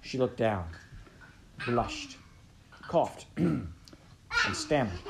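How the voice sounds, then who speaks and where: Deep-voiced woman reading a storybook. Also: vocal fry, heavy background noise. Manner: expressive and measured. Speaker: audiobook reader. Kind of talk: storybook narration.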